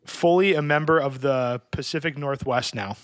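A man's voice: medium pitch, moderate pace, dry recording. A man hosting a casual podcast, rambling and joking with his guests. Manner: goofy, rambling jokester. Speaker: podcast host.

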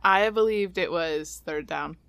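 A woman's voice: fairly low pitch, measured pace, vocal fry, fairly bright tone, smooth, no room sound. A woman co-hosting a podcast, mostly giving short agreeing replies in casual chat. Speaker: podcast co-host.

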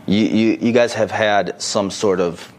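A man co-hosting a casual podcast, reading out a listener's message and giving blunt, animated advice with plenty of swearing. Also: fairly low pitch, measured pace. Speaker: podcast co-host.

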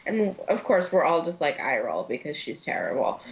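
A woman's voice: low voice, very animated, normal speed, creaky. A young woman co-hosting a podcast, chatting casually as she recaps a TV episode, with lots of fillers and acted-out quotes. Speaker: podcast co-host.

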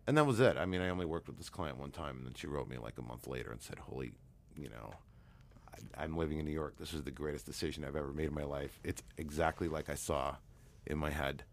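Very deep-voiced man telling a story. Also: fast, gravelly. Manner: relaxed, rambling anecdote with fillers. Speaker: guest, hypnotherapist. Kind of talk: storytelling interview talk.

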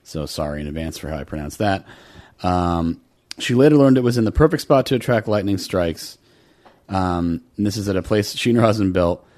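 Hesitant low-voiced man reading a story. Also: expressive, brisk, darkish tone, dry recording. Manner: hesitant, many restarts and fillers. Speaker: podcast co-host reading a story. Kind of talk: casual chat.

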